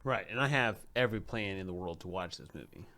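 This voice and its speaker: A man's voice: low-pitched, lively intonation, fast talker, sharp tone. A man co-hosting a podcast in casual chat, hesitant and searching for his words as he asks questions. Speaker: podcast co-host.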